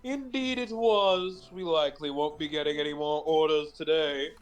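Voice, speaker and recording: A man voicing a smug, polite young henchman who speaks in a slow, mannered way for a game fan dub. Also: fairly high pitch, soft background music, pitched below the performer's own voice, natural voice.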